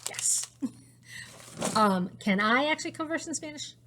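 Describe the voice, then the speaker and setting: A woman's voice: high voice, expressive, measured pace, fairly bright tone, a little hiss or hum. Chatty woman rambling through a show-and-tell. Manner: rambling, chatty, many fillers and restarts. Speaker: knitting podcast host; teacher. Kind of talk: casual show-and-tell chat.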